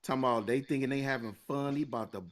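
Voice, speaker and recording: A man's voice: medium pitch, fairly even intonation, very fast. A man co-hosting a podcast, telling a long story in a casual, profane, rambling way and laughing between lines. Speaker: podcast co-host.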